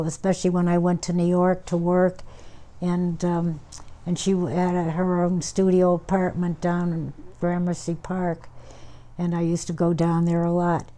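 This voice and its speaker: A woman's voice: on the low side, warm tone. An older woman recalling her years as a nurse in an oral history interview, talking in a rambling way with many fillers and restarts. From United States.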